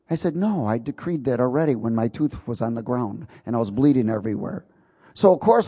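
Man, preacher, folksy storytelling, chuckles often, mid-pitched voice, long hall reverb. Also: warm tone. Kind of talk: sermon with personal story.

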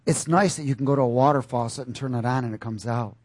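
A man's lively sermon features questions shouted to the congregation and sudden loud bursts. He talks at a quick pace with a medium pitch, and no room sound comes through.

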